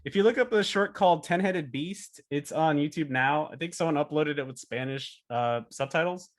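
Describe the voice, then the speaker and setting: A man giving a casual talk as a storyboard artist, chatty and animated, acting out cartoon pitches. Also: normal speed. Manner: animated, chatty, many fillers and laughs.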